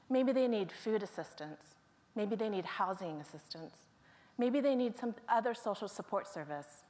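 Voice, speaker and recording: A woman speaking to her colleagues at a staff meeting, telling the stories of coworkers one by one in a storytelling manner. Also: medium pitch. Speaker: staff member presenting to colleagues.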